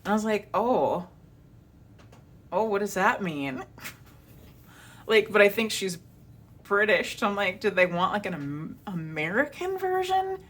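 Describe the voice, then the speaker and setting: A woman's voice: mid-range voice, slow pace, pauses often. A young woman vlogger and audiobook narrator talking casually to camera, chatty, with lots of "like" and acted-out reactions. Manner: chatty and animated, many "like"s, acts out her own reactions.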